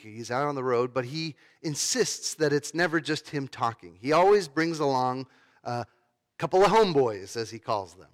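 A man giving a sermon as pastor, talking in a conversational way with fillers and restarts. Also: mid-range voice.

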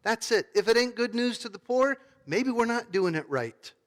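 A male pastor giving a sermon in a conversational storytelling manner, swinging between loud emphasis and hushed, quiet tones. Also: very high voice, lively intonation, moderate pace, long reverb tail.

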